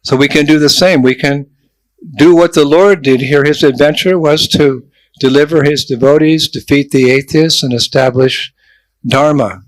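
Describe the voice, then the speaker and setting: Older monk preaching with dry clarity. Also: male voice, fairly high pitch, normal speed, no room sound, poor audio. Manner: lively storytelling with jokes and asides. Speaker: traveling monk giving a talk. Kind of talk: sermon to a youth festival.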